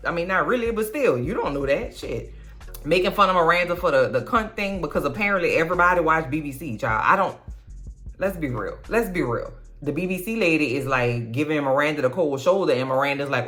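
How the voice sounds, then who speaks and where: Low-voiced woman giving a blunt, chatty recap. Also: a little fast, soft background music. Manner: blunt, profane, chatty commentary; expressive, swoops high for emphasis. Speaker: TV recap vlogger. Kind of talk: casual TV episode recap.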